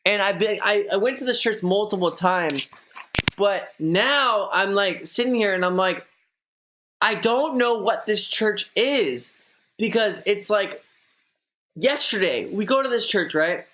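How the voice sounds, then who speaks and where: A man's voice: high-pitched, expressive, unhurried, a bit bright. Rambling young man chatting on stream. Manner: rambling, many fillers like "like", chatty. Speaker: streamer reading viewer messages. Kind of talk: casual live-stream chat.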